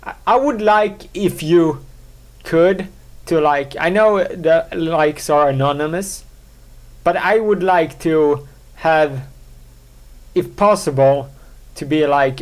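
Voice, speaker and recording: A man hosting a solo podcast, talking in a rambling, halting way, full of fillers, restarts and self-mocking asides. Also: fairly high pitch. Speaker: podcast host.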